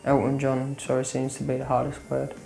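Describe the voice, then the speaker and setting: A man's voice: mid-range voice, monotone, brisk, vocal fry, a little mellow. A young man in a pop band, musing offhandedly about his career in an interview. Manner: musing, offhand, trails off with "I suppose". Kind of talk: interview talk. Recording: music playing behind. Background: faint music.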